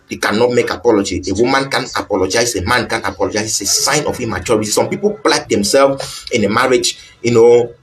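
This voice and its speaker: A man's voice: mid-range voice, poor audio. A man giving an earnest, repetitive talk on marriage. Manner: earnest, repetitive, acts out little quoted exchanges. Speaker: relationship teacher.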